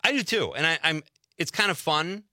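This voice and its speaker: Male talk radio host, casual storyteller, bright tone, close dry mic. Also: fairly high pitch, normal speed, dry recording. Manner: chatty, laughs easily, tells anecdotes. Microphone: studio microphone.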